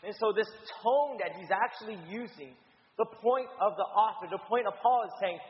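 A man preaching in a conversational teaching style, halting with stammered restarts and frequent "right?" checks. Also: high-pitched, big-room sound, lo-fi sound. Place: church in Houston.

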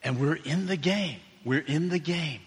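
A man preaching as a pastor, telling a personal story with excited exclamations before leading a prayer in a church. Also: on the high side, a little slow. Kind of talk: sermon with personal anecdote and prayer. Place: church sanctuary. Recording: long hall reverb.

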